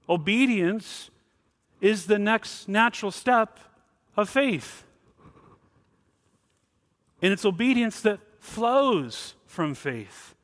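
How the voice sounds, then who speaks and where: A pastor delivers a sermon with emphasis, his voice swinging from loud, stressed words to quiet, low asides.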